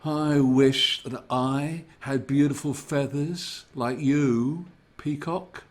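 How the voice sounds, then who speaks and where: A man's voice: mid-range voice, natural voice. A man doing a cawing black crow, hurt. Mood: wistful. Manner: cawing, drawn-out lively storybook voice. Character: sulky black crow, gentle but hurt.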